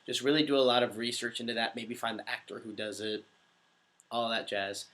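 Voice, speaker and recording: A man in his twenties, a voice actor, answers questions in a casual livestream Q&A, rambling with giggles and self-deprecating humor. His voice is mid-range, steady and a bit bright, with a brisk pace and a slightly unwell sound.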